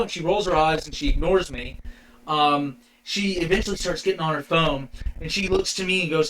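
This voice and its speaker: A chatty man with a slightly high voice tells workplace stories on a casual podcast. He quotes the customers and his boss back and forth as he goes. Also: fairly quick, fairly bright tone, a little hiss or hum, poor audio. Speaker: podcast co-host. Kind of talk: casual storytelling chat.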